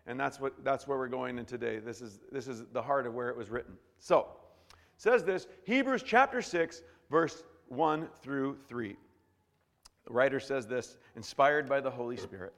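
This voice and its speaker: A pastor gives a sermon in a church sanctuary, where the hall has long reverb. He talks in a jokey, conversational way and often restarts, using a mid-range, fairly bright voice with lively intonation at normal speed.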